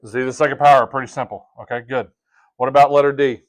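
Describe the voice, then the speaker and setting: Talking fast with a medium pitch and level tone, a man teaches a math class. He's casual with his students, cracking jokes and putting questions to them.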